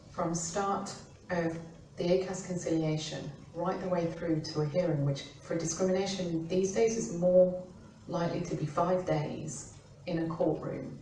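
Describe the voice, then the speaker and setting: A middle-aged woman from the UK, an employment law expert talking informally and acting out quoted remarks in lively voices. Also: fairly low pitch, a little hiss or hum. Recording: roomy, distant mic with faint ambience.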